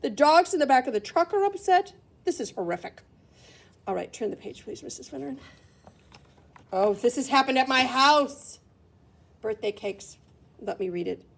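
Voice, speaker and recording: A woman reading a picture book aloud to children in an animated, exclaiming teacher's manner, pausing to talk about the pictures. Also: high-pitched, vocal fry. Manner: animated, exclaiming, talks to a helper. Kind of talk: expressive read-aloud for kids.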